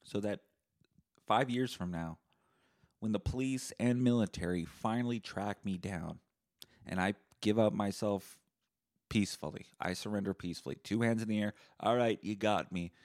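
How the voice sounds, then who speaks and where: A man hosting a solo podcast, rambling in crude deadpan humor. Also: lowish voice, normal speed. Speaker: podcast host.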